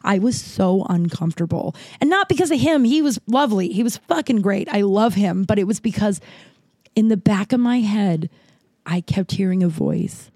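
A woman's voice: medium pitch, lively intonation, normal speed, warm tone, no echo. A woman comedian telling a candid personal story, speaking frankly and swearing freely.

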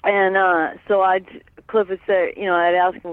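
A man's voice: high-pitched, level tone, moderate pace, clear, resonant tone, no echo. A man reminisces at length in an interview, wandering with fillers and checking in with "right?" His voice comes through a thin, phone-like line. It sounds dry, with no room around it. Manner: rambling, many fillers, frequent "right?". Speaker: guest.

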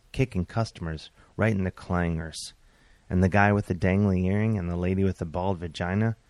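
Deadpan man reading his comic story. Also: sits low, no echo. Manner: deadpan, wry, bursts of exasperation. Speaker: comedian and author.

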